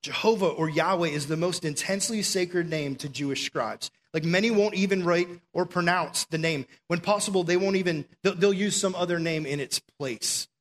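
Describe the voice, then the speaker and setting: High-voiced, animated young male preacher. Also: moderate pace, hardly any pauses. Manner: animated, emphatic, conversational. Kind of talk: sermon.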